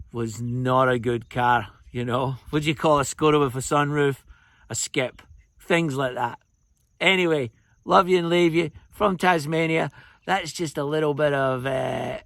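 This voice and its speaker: A chatty Scottish man in his fifties spins rambling, jokey stories outdoors on a remote road. His voice sits a touch high, and the sound is close and dry with no room around it. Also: vocal fry, fairly bright tone, dry recording. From Scotland. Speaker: fly-tying vlogger. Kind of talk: casual anecdotal storytelling.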